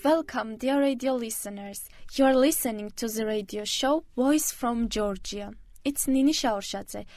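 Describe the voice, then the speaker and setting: Woman radio host, measured scripted read, bone-dry studio sound. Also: on the high side, a little mellow, no echo, faint music behind. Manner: careful, measured reading.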